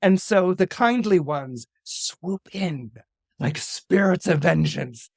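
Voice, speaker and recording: A man's voice: high-pitched, takes it slowly, creaky, no echo, studio quality. Man vividly retelling a Greek myth. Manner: lively, dramatic retelling with asides. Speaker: astrologer guest. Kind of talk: animated myth storytelling on a podcast.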